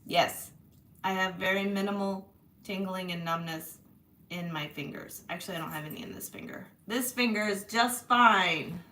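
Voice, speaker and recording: A woman's voice: medium pitch, normal speed, pushed and bright. A woman chatting casually to her viewers from her room, blunt and swearing freely, sore after a massage. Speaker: channel host.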